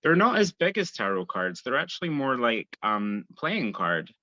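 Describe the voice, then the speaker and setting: A man's voice: mid-range voice, very animated, normal speed, pushed and bright, dry recording, lo-fi sound. A Scottish man chatting easily as a podcast guest. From Scotland. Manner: easygoing, chatty, laughs lightly. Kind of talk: casual interview chat.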